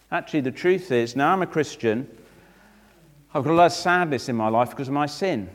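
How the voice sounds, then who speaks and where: A man's voice: mid-range voice, animated, a little fast, long reverb tail. A man, a vicar, preaching a sermon with rhetorical questions and direct asides to children.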